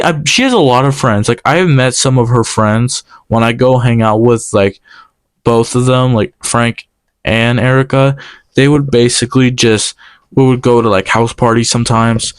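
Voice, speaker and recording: Young man, casual storyteller, clear smooth voice, dry close sound, acts out the dialogue. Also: mid-range voice, no echo. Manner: animated, quoting others in quick exchanges.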